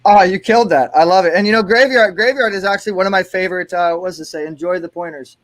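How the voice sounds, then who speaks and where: A man's voice: high voice, quick pace. A man hosting an online interview, enthusiastic and stumbling over his words. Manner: enthusiastic, stumbling, restarts often. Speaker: host.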